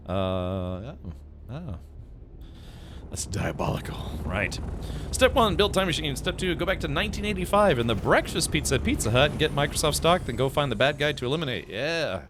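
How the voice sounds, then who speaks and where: A man's voice: mid-range voice, lively intonation, a little fast, fairly bright tone, soft background music. A man hosting a casual game stream, with a mid-range voice. He rambles from one story to the next and breaks into laughter often, reading chat as he goes.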